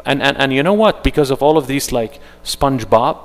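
A man leading an interactive workshop at a mosque, animated, acting out little dialogues and dropping Arabic phrases into his English. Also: mid-range voice, brisk, long reverb tail. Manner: animated, acts out dialogues in put-on voices.

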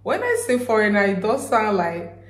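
A woman's voice: mid-range voice, huge pitch swings, normal speed. Chatty Nigerian woman vlogger, roomy sound. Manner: chatty, repeats "basically" often. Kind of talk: casual talk to camera.

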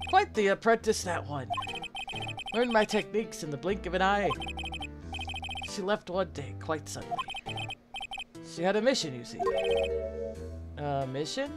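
A woman voicing an elderly male lawyer who is pompous and evasive, in a hushed voice with a Scottish accent. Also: lowish voice, big pitch swings, a little slow, long pauses. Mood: reminiscing. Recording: game music in background.

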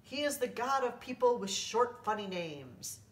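A woman voicing a proud, earnest island man who explains slowly and solemnly in a storybook reading, in an echoey room away from the mic. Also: on the high side, very animated, far from the mic, voice pushed up.

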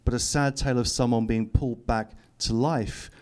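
In a lecture hall, a middle-aged man reads his work aloud and comments to the crowd, dropping dry, teasing asides. He has a medium-pitched, slightly mellow voice with fairly even intonation at a normal pace, and there's a little hiss or hum in the audio.

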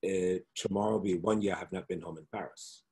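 A middle-aged man, a guest in a casual interview over a video call, telling animated stories and slipping into the accents and voices of the people he quotes. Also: low-pitched, fast, creaky. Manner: flamboyant, animated storyteller who slips into voices and accents.

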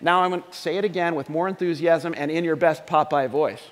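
A man's voice: a little high, fairly even intonation, a little fast. A middle-aged man preaching a sermon in a church, talking conversationally and joking with the congregation. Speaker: pastor. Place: church sanctuary. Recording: long hall reverb.

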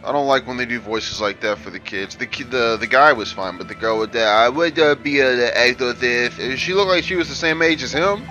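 Play him as a brash, animated man heckling a game. His voice is bright and swings all over, and the recording sounds dull and lo-fi with faint music underneath. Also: medium pitch, fast, few pauses. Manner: brash, trash-talking, reads game lines aloud with attitude. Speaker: let's play host. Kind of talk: casual gameplay commentary.

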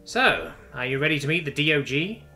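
A man voicing a calm male alien crewman with talons, explaining things in a matter-of-fact way. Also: on the high side, fairly quick. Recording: faint music underneath.

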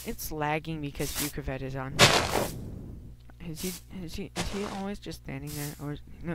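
A man's voice: on the high side, steady tone, moderate pace. A man commenting on his gameplay as he plays, rambling with lots of ums and yelping when startled. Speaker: let's play host. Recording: loud background noise.

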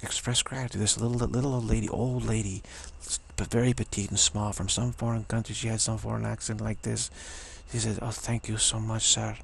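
A man's voice: lowish voice, flat delivery, fairly quick, gravelly, hardly any pauses, a little hiss or hum. A man telling a spiritual story in a rambling way, repeating himself and restarting often, with a sore throat. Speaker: spiritual teacher. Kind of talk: casual spoken reflection.

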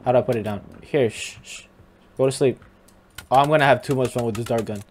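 A man's voice: mid-range voice, fast talker, a little hiss or hum. Teasing young man playing a game. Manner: teasing, talks back to the game characters. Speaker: gamer. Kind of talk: casual game commentary.

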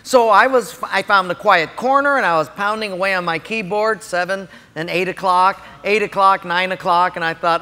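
A male pastor preaching a sermon, telling stories in an animated way and speaking directly to listeners. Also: high voice, normal speed, hardly any pauses. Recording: long hall reverb.

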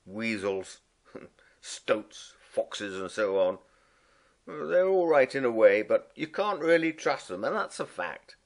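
A man voicing a cheerful, bossy male water rat in a storybook reading, brisk and fussy. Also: medium pitch, very animated. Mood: chatty.

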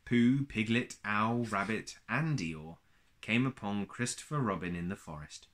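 A man reading a children's story aloud in a gentle, expressive way. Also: lowish voice, a little slow.

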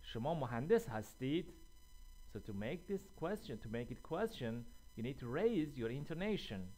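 A man teaching a recorded language lesson, explaining slowly and clearly and repeating each example sentence. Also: mid-range voice, very animated, darkish tone, rough recording. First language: Persian.

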